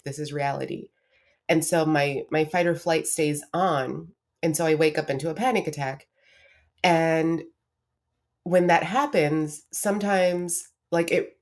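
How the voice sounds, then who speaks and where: Young woman, podcast host, low voice, candid and chatty, frequent "like"s. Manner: candid and confessional, lots of "like" and restarts. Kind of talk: casual personal monologue.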